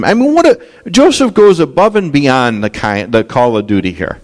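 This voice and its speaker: A man preaching a Bible study sermon, talking candidly and conversationally, rising into animated quoted lines. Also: medium pitch, moderate pace, hardly any pauses. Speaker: pastor. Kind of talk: expository sermon.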